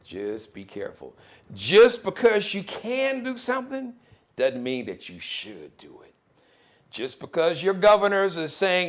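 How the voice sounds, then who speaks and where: A man hosting a live daily show, giving an animated, preachy monologue that swings between loud outbursts and hushed warnings. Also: fairly high pitch, measured pace.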